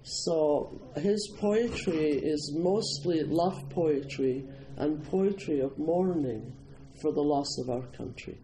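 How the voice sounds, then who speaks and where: A man's voice: on the high side, slow pace, few pauses, mellow, slight background noise, low-quality recording. A Scottish man from Scotland giving an informal, humorous Buddhist talk, telling stories and often chuckling. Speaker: Buddhist teacher.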